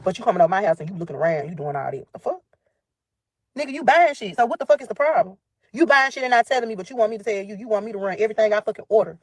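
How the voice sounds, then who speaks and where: A woman from Memphis, with a Southern accent, vents angrily and profanely about her ex, addressing her listeners directly. Her mid-range voice is expressive, very fast, and a little mellow, recorded with no echo.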